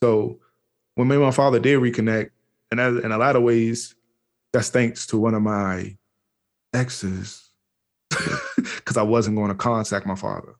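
A man's voice: on the low side, fairly even intonation, a little slow, vocal fry, pauses often. A man from the Washington, D.C. area, speaking candidly and slangily as an interview guest, with frequent restarts. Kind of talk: candid personal storytelling.

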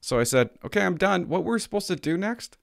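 An earnest young schoolboy explains himself plainly, as his father puts on the voice. The delivery is matter-of-fact, nudged higher than an adult's, with a lively rise and fall. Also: fairly quick, gravelly, dry recording, clean studio sound, full character voice.

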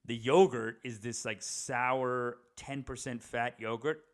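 With a medium-pitched, steady voice, a young man takes his time and pauses little while vlogging from inside his parents' house. He rambles to the camera in a casual way, swearing and using many fillers and restarts.

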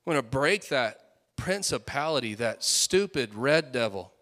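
A man in his late twenties preaching a sermon with fiery, rising peaks and quieter storytelling asides. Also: mid-range voice, animated, measured pace. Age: late 20s.

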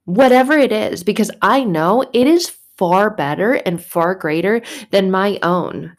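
A young adult woman giving a devotional faith talk, animated, acting out voices in her story. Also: mid-range voice, a little slow. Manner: animated, acts out God's and her own voices.

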